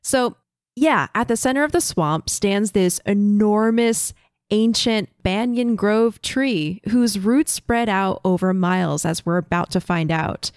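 A woman's voice: medium pitch, measured pace, no room sound, clean studio sound. A woman co-hosting a podcast, explaining lore and theories step by step in casual chat. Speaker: podcast co-host.

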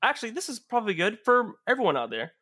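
Brief: young male host, bright and animated, rambling fast chat, dry close mic. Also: high-pitched, husky, dry recording. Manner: rapid, rambling, laughs often. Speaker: podcast host and player. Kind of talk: casual chat.

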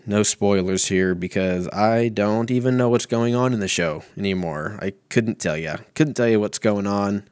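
A man in his thirties talks through a solo podcast from home in a lowish voice, rambling loosely and swearing freely while poking fun at himself. The recording is dry and close. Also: moderate pace, hardly any pauses, darkish tone, clean tone, no echo. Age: 30s. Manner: profane, rambling and self-mocking. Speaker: podcast host.

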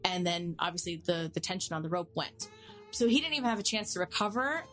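A woman co-hosting a podcast, chatting casually and telling stories in an animated way. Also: on the low side, quick pace, soft background music. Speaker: podcast co-host. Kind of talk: casual chat.

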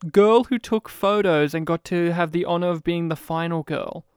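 A man co-hosting a casual film review chat, talking in an animated, rambling way. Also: a little high, smooth, dry recording, studio quality. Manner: animated, rambling, quick to mimic characters. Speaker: film podcast co-host.

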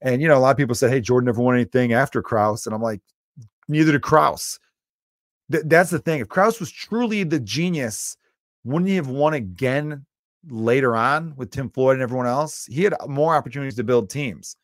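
A man's voice: mid-range voice, lively intonation, a little fast, no echo, studio quality. A man from Chicago, a comedian hosting his own podcast, ranting emphatically and with strong opinions. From Chicago, USA. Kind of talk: solo podcast rant.

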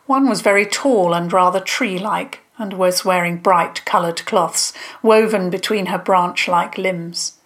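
A woman narrating a children's story in a gentle, unhurried reading. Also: lowish voice.

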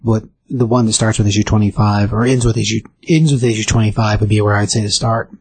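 A man with a lowish, husky voice chats casually about comics, hedging and admitting he can't quite remember details. The sound is dry and close. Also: fairly even intonation, quick pace, no room sound. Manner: chatty, unsure, hedging asides. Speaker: comic book show co-host. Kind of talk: casual comic review chat.

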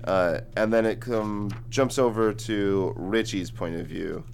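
A man's voice: on the low side, slow, creaky, a little hiss or hum. A man in his twenties co-hosting a book podcast, rambling casually with lots of filler words. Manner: rambling, heavy use of "like". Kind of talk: casual chat.

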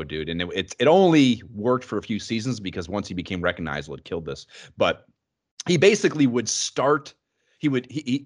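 Laughing, rambling podcast co-host man. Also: on the low side. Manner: laughs often, rambling with restarts. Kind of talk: casual chat about a retro game.

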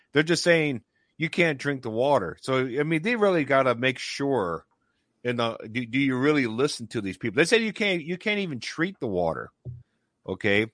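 A man's voice: mid-range voice, a bit bright, no echo. Emphatic man on a dry, close mic. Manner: emphatic, builds points with repeated "okay". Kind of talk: casual discussion.

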